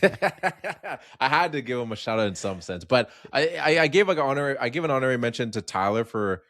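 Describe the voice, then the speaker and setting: A man co-hosting a casual film review podcast, relaxed and agreeable, laughing often. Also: mid-range voice, fast talker, dry recording, studio quality. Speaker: podcast co-host.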